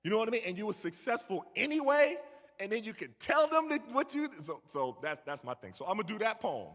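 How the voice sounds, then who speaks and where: A man's voice: sits high, sing-song, fast talker, fairly bright tone. A middle-aged man telling a story to a young audience and bantering with the crowd. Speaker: guest speaker. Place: large church hall. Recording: echoey church hall.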